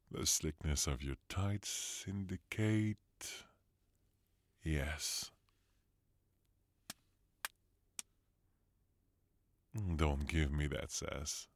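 A man playing a deep, slow, commanding lover. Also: no echo, clean studio sound, full character voice. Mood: teasing. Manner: low murmuring, breathy asides, commanding. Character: dominant, possessive male lover, teasing and commanding. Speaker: audio role-play performer. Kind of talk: intimate adult audio role-play. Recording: noisy home recording.

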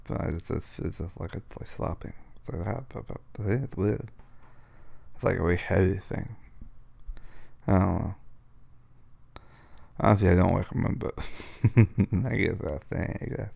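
A man's voice: deep voice, creaky, a little mellow. A man in a boyfriend role-play monologue, complaining with slurred, mumbling speech because his mouth is numb and swollen after dental work. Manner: whiny, complaining. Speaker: boyfriend talking to partner.

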